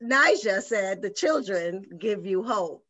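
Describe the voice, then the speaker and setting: A woman's voice: medium pitch, animated, takes it slowly, bright, forceful tone, lo-fi sound. A woman hosting a show over a video call, teasing her guests and reading comments from the chat. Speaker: host.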